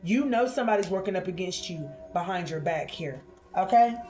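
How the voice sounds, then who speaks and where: A woman doing a spiritual card reading for her viewers, expressive and chatty, calling them honey and y'all. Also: fairly low pitch, fairly quick, faint music behind.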